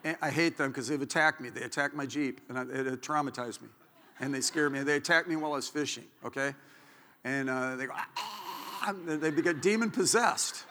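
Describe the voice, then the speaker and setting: Bright-voiced pastor preaching in a hall. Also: male voice, mid-range voice, fairly quick, slight background noise. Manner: animated storytelling, joking asides. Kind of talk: sermon. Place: church sanctuary. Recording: church hall reverb.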